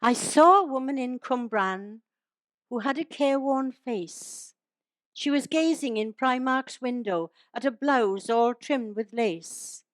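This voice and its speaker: Brief: older woman performing comic verse, chatty and teasing, fairly high voice, dry close sound. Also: slow pace, no room sound. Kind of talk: humorous poetry recital to a live audience.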